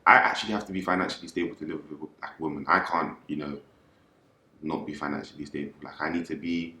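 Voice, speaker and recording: A man, a panelist explaining his views in a measured, thoughtful way. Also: very deep voice, steady tone, pushed and bright, reverberant. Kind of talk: casual panel talk.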